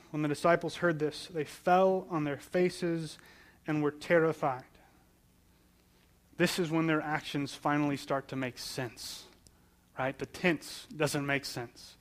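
A man's voice: on the high side, little pitch movement, unhurried. A man preaching a sermon in a conversational way, asking questions and answering them, repeating phrases for emphasis. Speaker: pastor.

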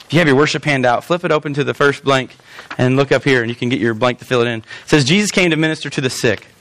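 A male pastor preaching a sermon in a church, animated and often acting out quoted voices. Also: mid-range voice, fast talker, no echo.

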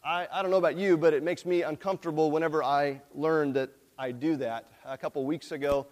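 A man preaching a sermon from the pulpit, his voice sitting high for a man. He speaks in a plain, conversational way and keeps asking the congregation questions. The sound rings out with a long reverb across a large church sanctuary. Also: fairly even intonation, fairly quick, a little mellow. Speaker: pastor.

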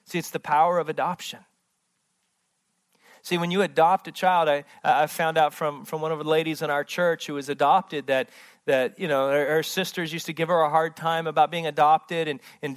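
A man preaching a sermon in a church as pastor, impassioned and repetitive, swinging from loud emphasis to hushed tones. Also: on the high side, level tone, normal speed. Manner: repeats words, restarts phrases.

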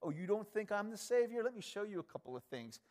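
Guy doing a defiant mighty figure, low and hushed, kinda daring you. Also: big pitch swings, fast. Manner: defiant, challenging, low and quiet. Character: indignant, all-powerful man defying his accusers.

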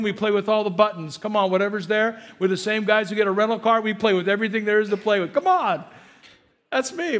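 A middle-aged man preaching a sermon as pastor, animated, shifting from quiet asides to loud emphatic lines. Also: sits high.

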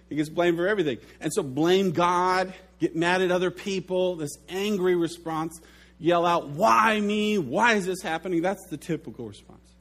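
A middle-aged pastor preaching a sermon, telling stories with lively swings in his delivery. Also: on the high side. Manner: animated storytelling, acts out his own shouted outburst.

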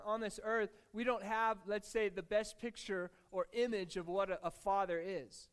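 A man's voice: sits high, fairly bright tone, clear, resonant tone. A male pastor giving a conversational sermon to a live congregation, talking casually and now and then joking with the crowd and asking it to respond. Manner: casual, conversational preaching with fillers; jokes with and engages the congregation. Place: church in front of a congregation.

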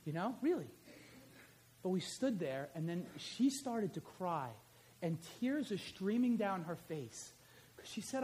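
A middle-aged man preaches in a small church with a high, lively voice. He talks straight to the congregation, swinging from loud calls to action to a quiet, confiding telling of a personal story. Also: measured pace, a little hiss or hum. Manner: animated, conversational, addresses congregation directly. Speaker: pastor and high school teacher.

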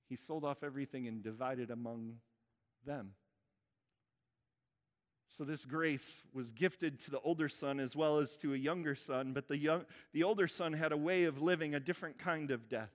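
A man preaching a sermon in a conversational way, often checking in with the congregation. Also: fairly high pitch. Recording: church hall reverb.

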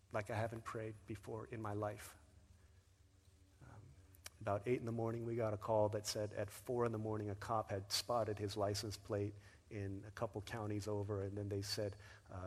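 A man preaching a sermon, telling a personal story in a conversational way and briefly acting out the voices of the people in it. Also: fairly low pitch. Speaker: pastor. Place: church sanctuary. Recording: long reverb of a large hall.

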